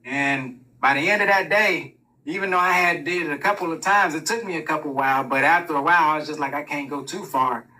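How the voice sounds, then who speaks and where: A man's voice: on the high side, fast talker, sharp tone, recorded from a distance, a little hiss or hum, rough recording. A man telling a personal story in a casual, rambling monologue, full of swearing. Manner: profane, rambling, laughs through his own story.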